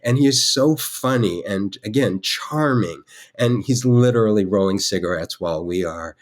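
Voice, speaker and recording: A man, a guest artist on a podcast, telling an animated, self-deprecating story with frequent restarts. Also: on the low side, moderate pace.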